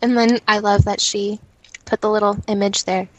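A woman's voice: medium pitch, flat delivery, normal speed, no echo, low-quality recording. A woman co-hosting a podcast in casual chat, rambling with many fillers and frequent giggles. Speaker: podcast co-host.

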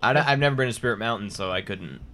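A man's voice: fairly low pitch, very fast. A man co-hosting a podcast, chatting casually with friends, joking and swearing a lot. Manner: animated, swearing, jokey. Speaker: podcast co-host. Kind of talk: casual chat. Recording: loud background noise.

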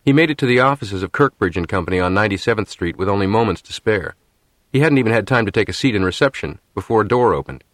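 A man narrating a novel as an audiobook in a steady, measured storytelling manner. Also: lowish voice, no echo. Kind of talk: scripted narration.

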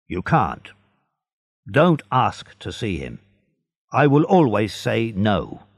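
Blunt, weary jailer, brusque and matter-of-fact, as a gravel-voiced man reads him. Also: on the low side, wildly swooping pitch, slow, no echo, clean studio sound, heavily acted. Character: blunt weary male prison guard.

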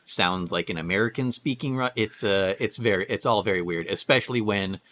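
A man co-hosting a podcast, chatting casually about a movie in a halting way, full of restarts and "uh"s. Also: fairly low pitch, a bit bright. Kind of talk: casual movie discussion chat.

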